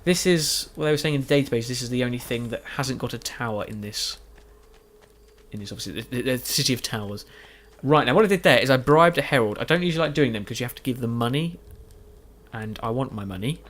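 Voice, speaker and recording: Late at night, a worn-out man yawns his way through post-recorded video game commentary for his YouTube gaming channel. He speaks fast at a medium pitch, with lively intonation and a fairly bright tone. The talk wanders, full of self-deprecating jokes, false starts and filler words.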